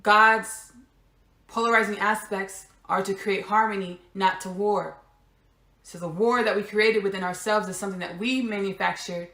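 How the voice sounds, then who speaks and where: A woman's voice: mid-range voice, pushed and bright. Spiritual podcast lady going on a monologue, repeats stuff a lot for emphasis, echoey room. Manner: repetitive, emphatic, casual asides. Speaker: podcast host.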